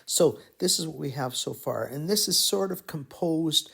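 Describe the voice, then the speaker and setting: A man teaching melody writing in a slow, musing, think-aloud way, humming phrases as he explains. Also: a little high, lively intonation, gravelly, bright, forceful tone, husky. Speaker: music teacher. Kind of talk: thinking-aloud composition tutorial.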